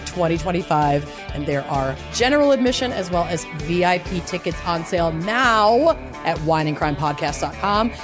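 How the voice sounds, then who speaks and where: A woman with a middle-pitched voice co-hosts a podcast in an upbeat, playful way, reading promos and trading quips. Music plays clearly behind her. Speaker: podcast co-host. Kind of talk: casual chat and live-show promo.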